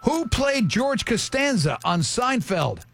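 A man's voice: very high voice, very animated, takes it slowly, gravelly, a bit bright. A man hosting a morning radio show, joking and teasing a caller through a quiz.

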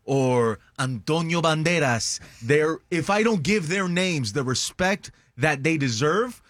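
Male radio co-host, lively swinging pitch, dry close mic. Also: measured pace, dry recording. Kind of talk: radio banter.

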